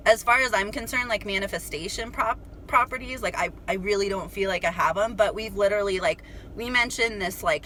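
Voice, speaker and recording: A young woman, a spiritual vlogger, tells her viewers a story in a chatty, animated way, peppering it with "like" and casual swearing. Her voice sits at medium pitch, and the audio is poor with slight background noise.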